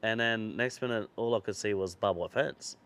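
A man with a fairly low voice, hosting a relaxed podcast chat. He spins his stories loosely and swears freely, often laughing along as he talks. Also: normal speed, a little hiss or hum. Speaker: podcast host. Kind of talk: casual chat, rambling anecdote.

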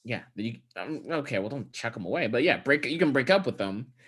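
A man's voice: medium pitch, a little fast, slightly rough. Joking, profane man co-hosting a podcast. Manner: joking, profane, animated retelling. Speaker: podcast co-host. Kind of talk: casual podcast chat recapping a film.

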